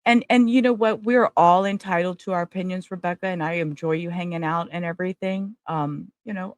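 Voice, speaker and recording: A woman's voice: on the low side, a little fast. Emotional woman hosting a livestream. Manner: emotional, talks straight to viewers. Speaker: livestream host. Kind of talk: casual livestream commentary.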